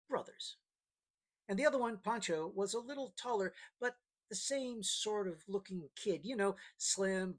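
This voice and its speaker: A man narrating a first-person novel in a dry, plain-spoken storytelling manner. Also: high voice. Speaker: audiobook narrator.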